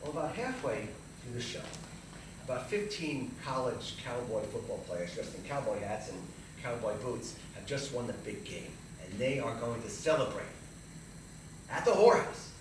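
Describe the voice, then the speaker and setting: A man telling comic stories from his own life in a solo stage show, with lively stammered restarts and banter with the audience. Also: medium pitch, moderate pace, background noise. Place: theater stage with a live audience. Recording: echoey theater from far off.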